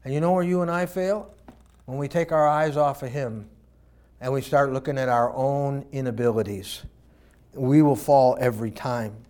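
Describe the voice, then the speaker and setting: A man preaching a sermon in an animated way, acting out voices and swinging between loud and quiet. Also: medium pitch, moderate pace, clean tone. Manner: animated, acts out voices, varies loudness widely.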